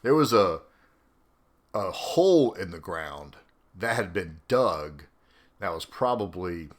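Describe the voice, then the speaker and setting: A middle-aged man, an army veteran hosting his own podcast, telling a story in a casual, animated way and laughing often. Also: deep voice, slow pace. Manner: animated, acts out quoted voices, laughs often.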